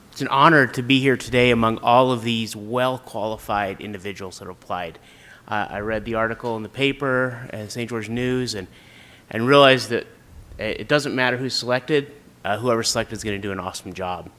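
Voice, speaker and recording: A man's voice: lowish voice, normal speed, pushed and bright. A middle-aged man from Utah giving an earnest, prepared personal speech as an applicant for a city council seat, with frequent "uh"s. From Utah, USA. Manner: earnest, with frequent filler sounds.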